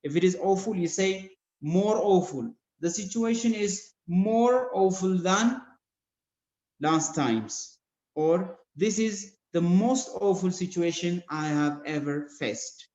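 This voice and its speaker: A male English teacher with an Ethiopian accent giving an online grammar lesson, explaining rules slowly and spelling out letters one by one. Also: high-pitched, expressive, a little mellow. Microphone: video call. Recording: dull echoey video-call audio.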